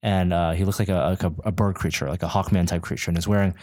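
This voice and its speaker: A man's voice: low-pitched, fairly even intonation, fast, a little mellow. Rambling man telling a story. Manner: rambling anecdote with acted-out quotes and frequent restarts. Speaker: podcast co-host. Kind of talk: casual chat, storytelling.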